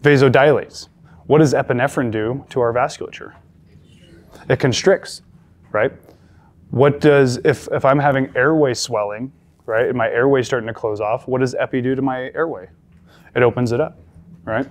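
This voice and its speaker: A man's voice: mid-range voice, fairly even intonation, normal speed, long pauses. Man lecturing a class conversationally. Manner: conversational, repeats key points with emphasis. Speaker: paramedic instructor.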